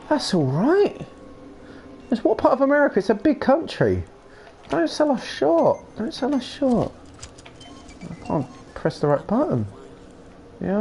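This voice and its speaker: A young man streaming a game and chatting with his viewers in a rambling, playful way, his pitch bouncing all over the place and often sitting a little high. Now and then he breaks into silly shouts. There is a faint hiss of noise behind his desk mic. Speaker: live streamer playing a game. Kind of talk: casual chat with live chat.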